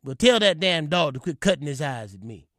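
A man voicing a volatile, abusive father who shouts and curses at his son. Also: a little high, sing-song, brisk, dry recording, studio quality. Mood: menacing. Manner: shouting, profane, menacing.

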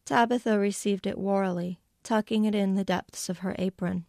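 A woman author reading a passage from her novel aloud, measured, lightly voicing the characters' lines. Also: medium pitch, fairly even intonation, gravelly, darkish tone, dry recording, clean studio sound. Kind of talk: literary reading.

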